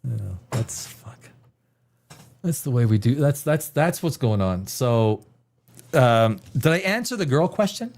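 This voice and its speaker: The host of a live stream show chats casually at his desk in a home room, using a darkish, mid-range voice with big pitch swings and a measured pace. He's rambling and sarcastic, swears from time to time, and puts on voices to mock others.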